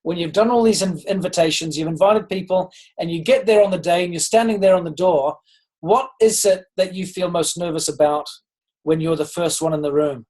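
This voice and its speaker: Through poor audio, a man with a high, darkish voice briskly gives a motivational leadership talk on a group call. The leadership coach is earnest and encouraging, putting direct questions to his listeners and often restarting with ums.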